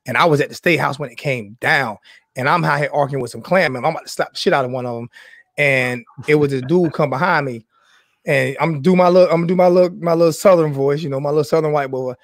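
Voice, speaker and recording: Dude from south carolina spinning stories, cusses a lot, dry mic. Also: male voice, a little high, quick pace, no room sound. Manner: animated storyteller, swears freely. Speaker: podcast host. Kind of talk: casual chat.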